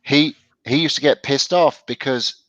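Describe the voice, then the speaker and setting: A male co-host of a casual show tells stories chattily at a moderate pace, laughing often, his pitch lively. The recording is dry with no room sound, and the high frequencies are cut off.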